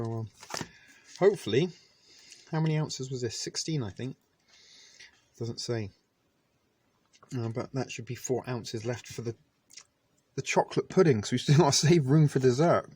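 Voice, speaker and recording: A man's voice: medium pitch, normal speed, a little mellow, breathy edge. A man casually reviewing food on camera, chatty and self-deprecating, sometimes talking with his mouth full. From Canada. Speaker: vlogger reviewing military rations.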